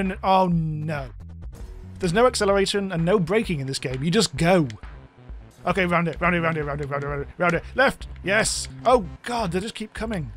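Excitable high-voiced Englishman. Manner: exclamatory, yelps and swears at the game. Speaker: gameplay video host. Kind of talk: excitable game commentary.

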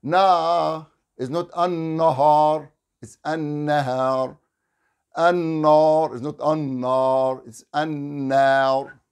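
A man's voice: on the high side, fairly even intonation, normal speed, darkish tone, clean tone. A man teaching Quran recitation in a live online lesson, drilling letter sounds in short repeated syllables and correcting them, with Quranic phrases recited in chant.

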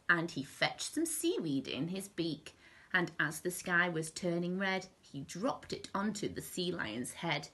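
A woman reading a rhyming picture book aloud to children in an expressive, sing-song rhythm. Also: on the low side, breathy edge. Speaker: storyteller.

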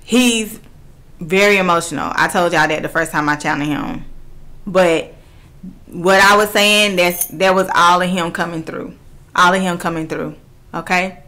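Woman medium doing a reading, lowish voice but bright and forceful, keeps repeating herself. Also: a little slow. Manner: earnest, repeats phrases, relays messages. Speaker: spiritual medium. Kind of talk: channeling reading to camera.

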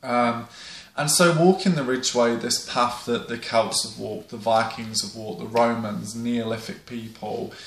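Speaking unhurriedly in a gravelly, steady mid-range voice, a young man from England vlogs casually to camera. He wanders from point to point with lots of ums and frequent cursing, all captured with a roomy echo.

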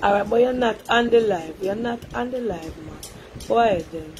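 A woman with a Jamaican accent hosting a live call-in stream, talking briskly and coaxing a caller. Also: mid-range voice, background noise.

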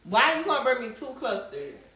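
A woman with a strong New drawl chats loosely with her live stream viewers, reading their comments aloud and answering them. Her voice is bright and forward. It is picked up on a phone in an echoey room at home, with a faint hum behind her. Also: a little high, brisk. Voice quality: strong Southern drawl, relaxed slang. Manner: chatty, answers comments, laughs often. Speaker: livestreamer chatting with viewers. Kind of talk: casual live stream chat.

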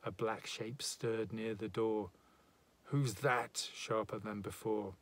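A man's voice: on the low side, little pitch movement. A man giving a dramatic, rhythmic reading of a rhyming narrative poem. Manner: measured, rhythmic verse delivery. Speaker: poetry reader.

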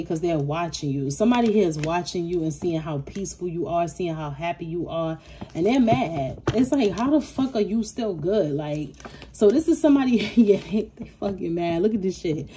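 Profane, animated woman reading tarot. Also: fairly low pitch, a little hiss or hum. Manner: animated, profane, laughing asides. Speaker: tarot reader. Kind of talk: casual tarot reading to camera.

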